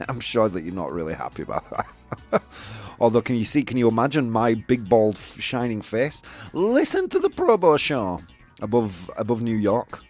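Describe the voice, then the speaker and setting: A man with a Yorkshire accent hosting a casual show, chatting loosely with lots of fillers and laughs. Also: on the low side. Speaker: host. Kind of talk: casual live show chat.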